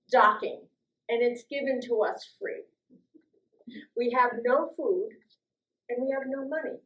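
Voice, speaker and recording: A middle-aged woman telling a personal story, lively and acting out the voices of the people in it. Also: roomy sound, rough recording. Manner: lively, acts out quoted voices with big jumps in pitch and loudness. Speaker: storytelling guest speaker.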